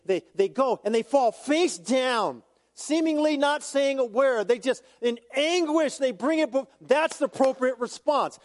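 High-voiced preacher in a reverberant hall. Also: male voice. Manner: conversational preaching with asides and humor. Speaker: pastor. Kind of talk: sermon.

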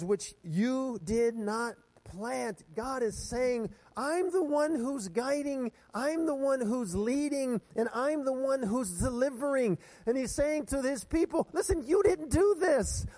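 A man preaching a sermon, reading scripture aloud and explaining it in a conversational way with fillers and restarts. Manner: reads scripture aloud with lively pitch swings. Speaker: pastor.

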